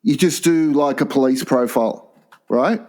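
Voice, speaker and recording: A man's voice: medium pitch, moderate pace, a little mellow. An older man co-hosting a crude comedy podcast, teasing and rambling with frequent laughs. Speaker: podcast co-host. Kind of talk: casual comedy podcast banter.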